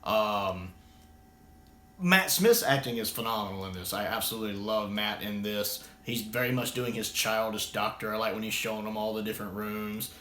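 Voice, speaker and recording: A man's voice: fairly low pitch, moderate pace, a bit bright, a little hiss or hum. An American man giving a casual, rambling spoken review, often restarting his sentences. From United States. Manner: rambling, frequent restarts and fillers. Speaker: video reviewer. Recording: roomy echo.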